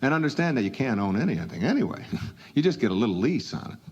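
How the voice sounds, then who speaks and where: A man's voice: mid-range voice, fast talker, muffled recording. A middle-aged man giving a motivational talk, telling stories and acting out little dialogues. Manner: animated storyteller, acts out little dialogues. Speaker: motivational speaker. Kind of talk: motivational talk to a live audience.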